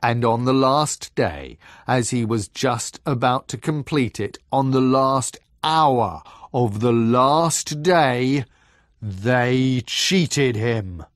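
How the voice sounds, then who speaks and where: A man voicing a huge, boastful male frost giant, booming and slow in a storybook reading. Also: expressive, no echo, clean studio sound. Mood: aggrieved.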